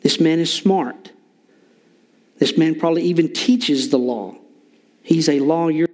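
Older guy preaching at church, kinda high voice, lots of uhs and jokes. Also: measured pace, darkish tone. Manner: folksy, joking asides, many fillers. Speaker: lay preacher. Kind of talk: informal sermon.

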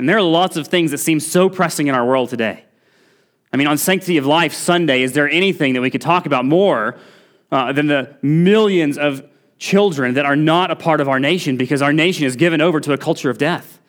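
This pastor's voice is a little high and his pace quick as he preaches in a church sanctuary. He presses his message earnestly, building emphasis on key points, with occasional restarts.

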